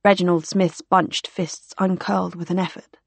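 A woman narrating a novel in a measured, even reading voice. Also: on the low side, creaky, dry recording. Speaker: audiobook narrator. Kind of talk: scripted narration.

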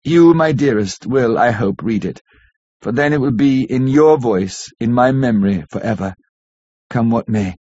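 A man voicing a gentle, devoted young wife in an audiobook, earnest and solemn, with a husky voice. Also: mid-range voice, moderate pace, no room sound, close to an everyday voice. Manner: earnest, pleading, softly solemn. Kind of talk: audiobook character reading. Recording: dull lo-fi audiobook recording.

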